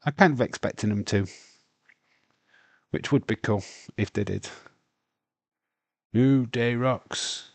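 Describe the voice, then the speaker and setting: Rambling British man, low voice. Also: moderate pace, vocal fry, long pauses, slightly rough, dry recording. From United Kingdom. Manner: rambling and blunt, with mild swearing and many fillers. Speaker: watch-along streamer. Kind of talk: casual live commentary.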